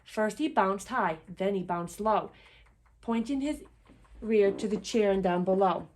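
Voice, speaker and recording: A woman reading a children's picture book aloud in an expressive, lively storytelling manner. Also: medium pitch, a little slow.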